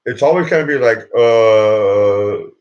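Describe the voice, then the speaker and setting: A man's voice: fairly low pitch, takes it slowly, darkish tone, highs cut off. A man hosting his own live show, talking in a rambling comic monologue that keeps looping back on itself and restarting. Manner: rambling, keeps repeating "look", stops and restarts.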